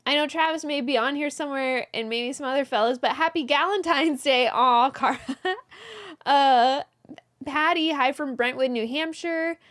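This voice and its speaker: A woman with a high voice hosts a live yarn-shop stream from a small indoor closet, greeting viewers by name, reading their messages aloud and laughing briefly. She talks at a normal speed with a fairly bright tone.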